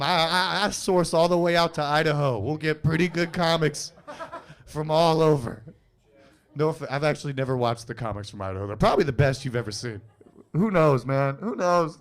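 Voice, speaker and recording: A man in his twenties hosting a live stand-up comedy show on a club stage, doing self-mocking, deadpan crowd work into a handheld mic. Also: on the high side, moderate pace. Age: 20s.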